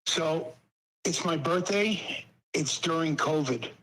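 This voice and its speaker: A man's voice: on the high side, takes it slowly, a bit bright, poor audio. A man calling into a podcast, telling a story casually with plenty of swearing. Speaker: caller.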